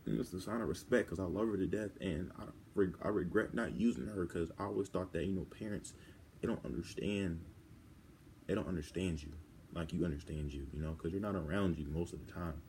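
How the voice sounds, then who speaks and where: Close to tears, a teenage vlogger with a low, dark voice talks haltingly and rambles through a personal video, restarting often. Under his voice sits a faint background noise.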